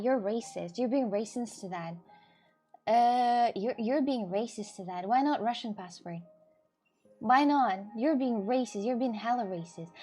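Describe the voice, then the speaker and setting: A woman vlogger in casual chat, arguing her point with halting restarts and fillers. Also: a little high, darkish tone, slightly rough.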